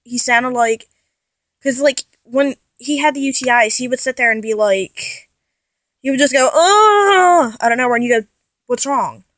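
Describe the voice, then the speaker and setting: A young woman talks straight into her camera in a loose, rambling way, often stopping to correct herself. Her voice sits a bit high, and the sound is close and dry with little room echo. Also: flat delivery, moderate pace, a bit bright. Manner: rambling, restarts and self-corrections, chatty. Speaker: vlogger. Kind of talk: casual personal vlog.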